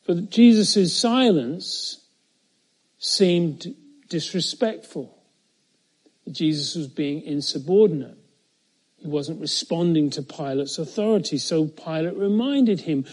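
A middle-aged man preaching an expository sermon, earnest and emphatic, raising his pitch and volume when he quotes scripture and lingering on pauses.

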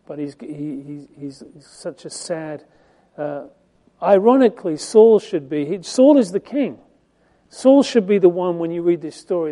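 A man's voice: fairly high pitch, dark tone. A man preaching a Bible-teaching sermon in a conversational, emphatic way, with frequent fillers and restarts.

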